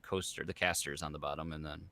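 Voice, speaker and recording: A man's voice: a bass voice, flat delivery, fast, vocal fry, sharp tone. A man co-hosting a casual podcast, rambling about his week and trailing off mid-thought. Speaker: podcast co-host. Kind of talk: casual chat.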